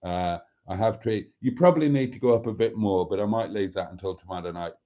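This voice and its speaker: A man's voice: on the low side, fairly quick, mellow. A man hosting a casual live stream from a phone, reading out viewer comments in a theatrical, self-mocking way and calling his audience darlings. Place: at a table indoors. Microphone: phone camera.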